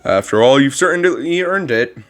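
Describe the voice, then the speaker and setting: A man putting on a gentle old monster caretaker, rambling and formal. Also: medium pitch, animated, normal speed, soft background music, pitched above the performer's own voice. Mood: kindly. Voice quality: strained put-on voice. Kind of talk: reading game dialogue aloud.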